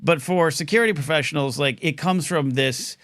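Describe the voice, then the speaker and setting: A man hosting a live call-in talk show, rambling and excitable with lots of restarts. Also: a little high, brisk, dry recording, studio quality. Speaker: host.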